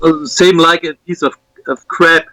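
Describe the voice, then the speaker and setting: Bright, dry-voiced German guest, man. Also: fairly high pitch, steady tone, unhurried, no room sound, poor audio. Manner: brief, agreeable, laughing along. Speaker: caller guest.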